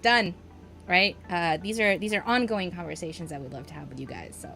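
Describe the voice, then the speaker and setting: A young woman co-hosts a casual podcast, bubbly and quick to giggle. Her pitch swings widely as she talks, and she often trails off mid-thought. Faint music plays behind her. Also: animated, gravelly, sharp tone. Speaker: podcast co-host. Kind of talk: casual chat.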